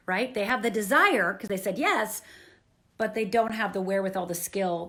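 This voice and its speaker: Earnest woman coaching directly to camera. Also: mid-range voice. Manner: earnest, animated, asks the listener "right?". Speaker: self-help coach.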